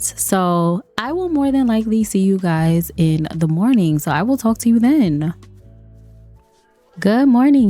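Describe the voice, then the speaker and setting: Woman doing casual game commentary, gasps and frets a lot, dry close mic, soft music behind. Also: medium pitch, no room sound. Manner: expressive, gasping and fretting over the characters; chatty, addresses viewers as y'all. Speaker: gaming creator narrating her gameplay.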